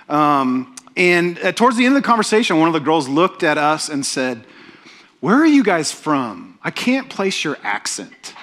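A middle-aged man delivers a relaxed, conversational sermon. His voice is slightly higher than most men's and has a bright, forward ring. He pokes fun at himself and keeps checking in with the congregation. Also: normal speed. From Oklahoma, USA. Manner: conversational, self-deprecating, frequent "right?" asides. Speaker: pastor.

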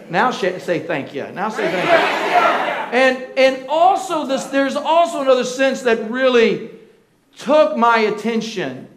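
A male pastor with a high voice delivers a sermon in a church sanctuary, the sound ringing around a roomy hall. He prods the congregation for call-and-response, sometimes drawing words out at full volume, then dropping to a near-hushed tone. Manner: swings between slow shouted emphasis and soft, breathy asides.

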